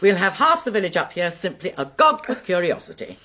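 An actress playing a brisk, capable middle-aged householder who reassures and organizes those around her in a radio drama. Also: lowish voice, sing-song, sharp tone, breathy edge, full character voice.

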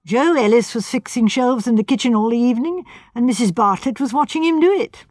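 A woman reading the part of a retired older male police official, measured and thoughtful. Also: on the high side, darkish tone, dry recording, studio quality, natural voice. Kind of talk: audiobook character voice.

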